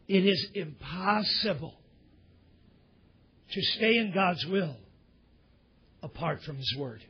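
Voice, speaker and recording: A male pastor preaching a sermon in church, swinging from loud emphatic bursts down to near whispers. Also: sits high, animated, slow, long pauses, breathy edge, lo-fi sound.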